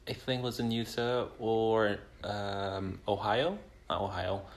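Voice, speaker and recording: Easygoing man, halting casual speech. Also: lowish voice. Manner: easygoing, hesitant, many fillers. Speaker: podcast co-host. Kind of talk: casual chat.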